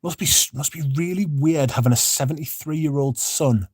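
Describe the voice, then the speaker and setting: Streamer, low-key rambling host reading chat, warm darker voice, dead-dry mic. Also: male voice, normal speed, breathy edge, dry recording. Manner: rambling, laid-back, swears freely. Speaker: livestream host. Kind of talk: casual livestream chat, reading comments.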